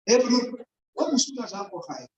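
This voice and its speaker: A woman's voice: fairly high pitch, big pitch swings, brisk, a little mellow, a little hiss or hum. Woman talking in an echoey church. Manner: chatty, keeps quizzing the congregation. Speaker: church speaker. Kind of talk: informal sermon-style talk. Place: church hall. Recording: echoey, dull, distant church recording.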